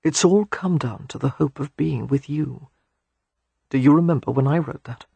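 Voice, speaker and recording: An audiobook reader voicing a tender, ardent young man who speaks in soft murmurs and whispers. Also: mid-range voice, normal speed, vocal fry, slightly rough, no room sound. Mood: tender, intimate. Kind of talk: audiobook character reading.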